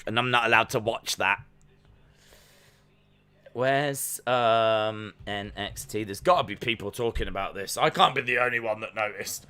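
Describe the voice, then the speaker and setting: Bright-voiced man calling wrestling live. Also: moderate pace, clean tone. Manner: calls the action and answers chat questions between moves; breaks into high-pitched disbelief when excited. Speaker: live stream reaction host. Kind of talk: casual watch-along commentary.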